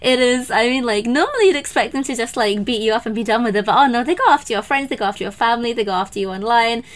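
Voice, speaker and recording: Podcast host, woman, animated casual chat, slightly higher voice. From English-speaking country. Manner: animated, quick to mimic others in high voices.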